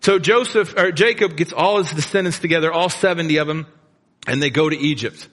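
Relaxed middle-aged male pastor, reverberant hall. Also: a little high, brisk. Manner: casual, conversational storytelling with plain slang. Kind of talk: sermon. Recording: long reverb of a large room.

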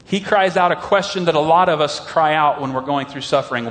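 A male pastor delivers a sermon in an earnest, animated way, dwelling slowly on phrases he wants to land. His voice sits a little high for a man. The sound rings out with the long reverb of a church sanctuary. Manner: earnest, animated preaching with slow emphatic phrases.

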